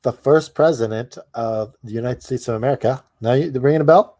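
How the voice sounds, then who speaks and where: A man's voice: mid-range voice, brisk, warm tone, dry recording. A man co-hosting a podcast in casual chat, hesitant with many restarts and chuckles. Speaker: podcast co-host.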